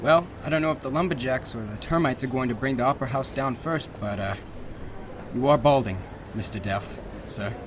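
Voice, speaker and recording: A man's voice: medium pitch, fairly quick, background noise, lightly acted. A man playing a timid young newspaper apprentice who speaks hesitantly and deferentially. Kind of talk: audio drama acting.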